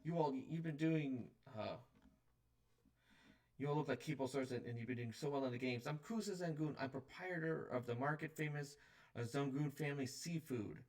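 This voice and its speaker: A man voicing an older female kobold who runs a seafood stall and pitches her business proudly. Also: normal speed, a little mellow, recorded from a distance, lightly acted. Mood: persuasive.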